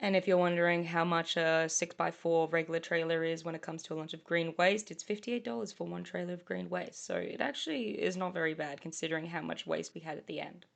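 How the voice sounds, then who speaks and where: A woman's voice: on the low side, gravelly. A young woman from Australia with a mixed English and Australian accent, narrating her own vlog in a chatty, rambling, self-deprecating way. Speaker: vlogger. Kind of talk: casual voice-over narration.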